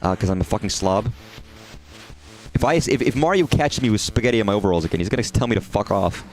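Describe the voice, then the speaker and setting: Man streamer, low voice, very lively pitch, rambling and profane, faint music behind. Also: fast talker. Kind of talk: casual gameplay livestream chat.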